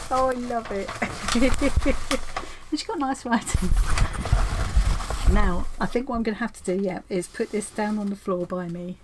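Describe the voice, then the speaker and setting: A woman, chatting excitedly and giggling as she unboxes a parcel in her home craft room. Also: medium pitch, a little hiss or hum, low-quality recording. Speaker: craft vlogger. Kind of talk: casual unboxing chat.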